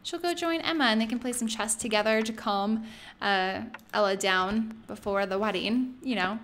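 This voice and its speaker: A woman hosting a let's play, chatting excitedly through casual gameplay commentary with lots of "like". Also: mid-range voice, normal speed, a little hiss or hum.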